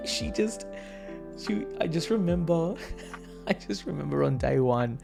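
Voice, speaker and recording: Aussie male vlogger, gravelly voice, faint guitar music behind, casual and excitable, swears a lot. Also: on the high side, takes it slowly. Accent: Australian. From Australia. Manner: excitable, swears freely, laughs often. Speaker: vlog host. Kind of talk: casual concert recap.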